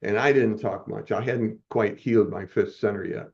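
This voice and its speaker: Talking at normal speed with a fairly low pitch and vocal fry, an older man rambles through a personal story as a guest on a podcast. It's casual interview storytelling, full of chuckles, restarts and self-corrections, captured in muffled, dull audio.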